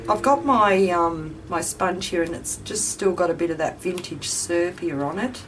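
A woman's voice: fairly low pitch, measured pace. Chatty woman crafting at home. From Australia. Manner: chatty, self-deprecating, thinks aloud. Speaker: craft video host. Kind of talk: casual chat while crafting. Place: home craft room with ceiling fan running. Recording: distant mic, faint fan noise.

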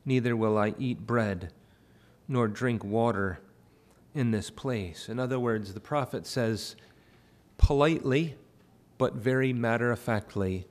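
In a church sanctuary, a male pastor preaches verse by verse through a Bible passage, building toward impassioned pleading. His voice is medium in pitch and his pace measured.

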